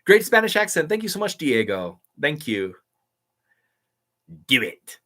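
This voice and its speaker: A man's voice: fairly high pitch, big pitch swings, moderate pace, fairly bright tone. A man hosting a casual live stream, eagerly answering viewer comments and sprinkling his talk with "like" and "um". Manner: eager and upbeat, with frequent "like" and "um".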